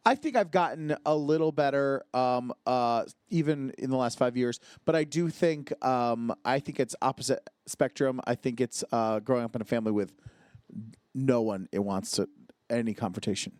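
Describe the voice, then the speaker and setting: A man's voice: moderate pace, clear, resonant tone, no room sound, clean studio sound. A man chatting casually on a podcast, thinking aloud and restarting his sentences. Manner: hesitant, many fillers and restarts, lively pitch. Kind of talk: casual chat.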